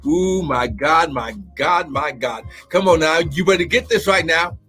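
A high-voiced, bright man preaches on a live stream, shouting and whooping in fervent bursts. His tone is husky, with faint music underneath. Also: measured pace. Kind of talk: charismatic live-stream sermon and prayer.

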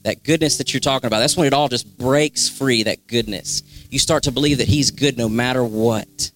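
A man's voice: medium pitch, moderate pace, fairly bright tone. A young man giving a spontaneous, fervent exhortation in a church, repeating phrases for emphasis. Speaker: church member sharing a word. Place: church sanctuary.

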